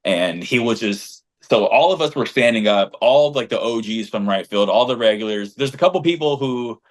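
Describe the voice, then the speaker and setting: A man's voice: medium pitch, animated, normal speed. A man co-hosting a casual fan podcast, swinging his voice up and down as he tells a story. His talk is slangy and emphatic, full of restarts and asides. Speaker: podcast co-host and fan group leader.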